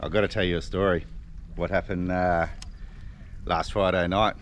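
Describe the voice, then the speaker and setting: An Australian man vlogs from his fishing boat out on a river, speaking casually to the camera in a low, steady voice at a moderate pace with long pauses. He tells a rambling, self-deprecating story and laughs often, with slight background noise around him.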